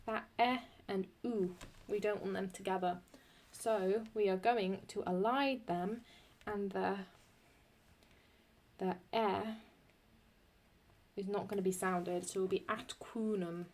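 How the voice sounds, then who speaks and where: Woman teacher going over latin scansion, slow easygoing pace, chatty, fixes her own slips, reads the latin lines out carefully. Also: medium pitch, fairly even intonation, darkish tone. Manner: chatty, thinks aloud, self-correcting; slow, deliberate Latin recitation. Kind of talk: screen-recorded lesson.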